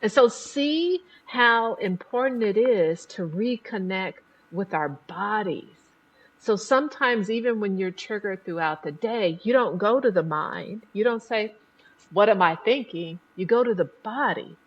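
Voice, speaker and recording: A woman psychotherapist hosting a podcast, explaining trauma in an animated way and briefly acting out the people in her examples. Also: mid-range voice, measured pace, slightly rough, muffled recording. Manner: animated, acts out voices in examples. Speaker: psychotherapist host.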